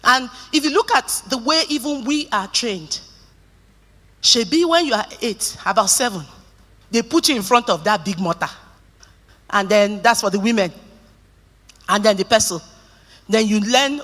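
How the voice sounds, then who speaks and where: A woman's voice: fairly high pitch, measured pace. A middle-aged Nigerian woman giving a keynote talk, telling stories and joking with the audience. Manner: lively storytelling, joking with the audience. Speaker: conference speaker. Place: conference hall. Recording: reverberant conference hall.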